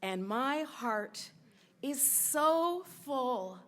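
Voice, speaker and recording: A woman in her forties telling a true personal story on stage, emotional, rushing through some parts and slowing way down on others. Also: high-pitched, lively intonation. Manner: emotional, quick bursts of telling with sudden slowdowns. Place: stage at a live event in a sports bar.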